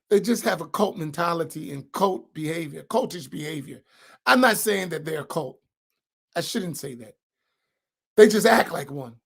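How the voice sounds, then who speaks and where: A high-voiced imam with vocal fry teaches an informal religion class. His manner is conversational; he repeatedly checks in with those listening and goes back over key points to emphasize them.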